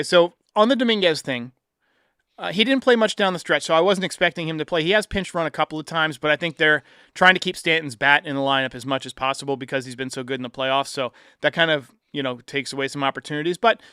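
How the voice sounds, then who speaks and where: A man hosting a casual sports podcast, telling stories in an excitable, animated way. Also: on the high side, quick pace, clean tone, no echo, studio quality. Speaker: podcast host.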